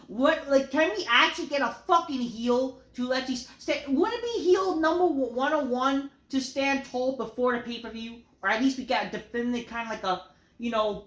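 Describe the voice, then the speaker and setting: A woman ranting through a wrestling show review, exasperated and full of swearing. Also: fairly high pitch. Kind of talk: solo review rant. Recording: roomy echo.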